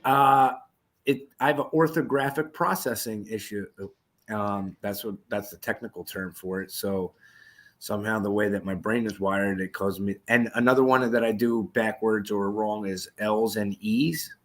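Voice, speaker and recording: A man's voice: lowish voice, fairly even intonation, moderate pace. A man in his forties, co-hosting a podcast, tells rambling stories in casual chat, swearing often and laughing as he talks. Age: 40s. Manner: profane, laughing, rambling storytelling. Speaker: podcast co-host.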